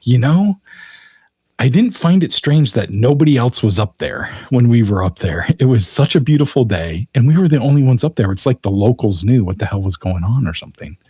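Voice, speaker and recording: A man's voice: mid-range voice, expressive, fairly quick, mellow, slightly rough, no room sound, clean studio sound. A man voicing the uneasy male witness in a retold story, in a raised, wondering tone.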